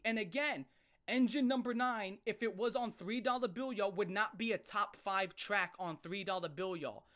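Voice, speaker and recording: A woman ranting on a live stream about music, blunt and emphatic, often repeating herself and restarting her sentences. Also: medium pitch. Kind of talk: profane live rant.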